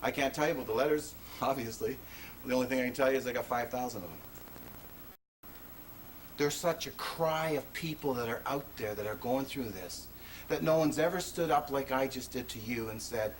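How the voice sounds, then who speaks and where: A man's voice: mid-range voice, moderate pace. Impassioned man telling his story. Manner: emphatic, conversational storytelling with sudden rises in voice. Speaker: presenter at a public talk. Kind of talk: impassioned public talk. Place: presentation venue before an audience. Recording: distant mic with faint noise, 1980s video.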